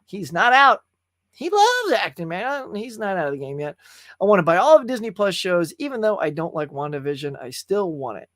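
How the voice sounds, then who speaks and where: A man chats casually as the host of a live stream, reading viewer comments and laughing as he goes. His pitch swings widely, full of bounce. The sound is dry and close, with no room around it. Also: very animated, a little fast, no echo. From California. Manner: chatty, laughing, reads chat comments aloud.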